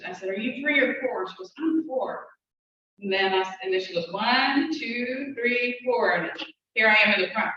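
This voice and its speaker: A middle-aged woman teaching a casual language class, chatting, laughing often and slowly repeating words to drill pronunciation. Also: medium pitch, bright, forceful tone. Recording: roomy, distant, dull, faint hiss.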